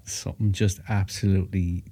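A man co-hosting a podcast, chatting in a hesitant, relaxed way and swearing casually. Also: low-pitched, fairly quick. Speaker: podcast co-host. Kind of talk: casual chat.

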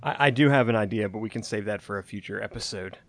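A man's voice: lowish voice, fast, fairly bright tone, no room sound. Podcast guy rambling through an explanation, ums and likes, dry mic. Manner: rambling, hedging explanations with fillers. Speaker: podcast co-host. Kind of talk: casual conversational chat.

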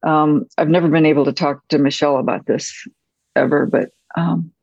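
Soft-spoken husky woman telling a story. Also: low-pitched, steady tone, no echo. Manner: soft-spoken, halting, with frequent pauses and restarts. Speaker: screenwriter guest. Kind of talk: reflective anecdotal storytelling. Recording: dull, muffled audio.

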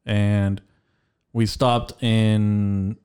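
Drawing out his words, this young podcast co-host tells crude, rambling stories in a low, relaxed, mellow voice with a clean tone. Casual chat is the format, and he cusses nonstop, padding everything with fillers.

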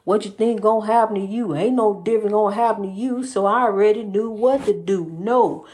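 A woman's voice: mid-range voice, a little fast, a little mellow, slightly rough. Woman preaching love and faith. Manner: preachy, repeats phrases, calls listener honey. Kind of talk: impassioned faith-based pep talk.

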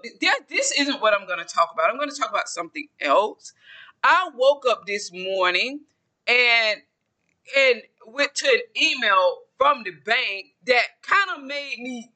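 A man with a high, very bright, forceful voice talks to camera in a casual solo vlog. He rambles, often repeating phrases and starting sentences over before finishing a thought. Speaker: podcaster and YouTuber.

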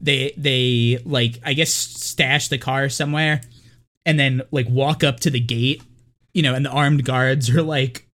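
A man's voice: mid-range voice, fairly even intonation, a little slow, a bit bright. Rambling man recapping a film. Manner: rambling, lots of likes and uhs. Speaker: podcast co-host. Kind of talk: casual film recap chat.

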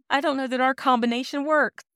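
A woman's voice: high voice, fairly bright tone, clean tone, no room sound, studio quality. Frank, laughing woman podcast host. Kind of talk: casual podcast chat.

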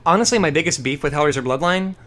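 A man co-hosting a podcast, chatting casually about horror movies, animated and profane with jokey asides. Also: a little high, fast. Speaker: podcast co-host.

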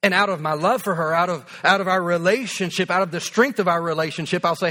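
A man with a notably high speaking voice delivers a sermon as a pastor. He talks to his congregation in an earnest, conversational way and repeats phrases to drive his points home. He sounds like he is in his thirties. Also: fast, sharp tone.

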